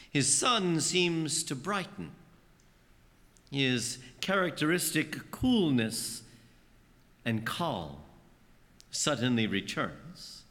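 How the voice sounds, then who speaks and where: Priest guy giving a homily, lively up-and-down pitch, slow, bright voice, big church echo. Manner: storytelling, acting out voices with big swings in pitch. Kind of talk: sermon. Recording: long church reverb.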